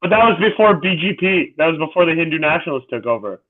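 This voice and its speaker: A man's voice: on the high side, animated, fast. A man co-hosting a podcast, laid-back and hesitant, with many fillers. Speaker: podcast co-host. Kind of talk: casual podcast banter. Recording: tinny phone-like call audio.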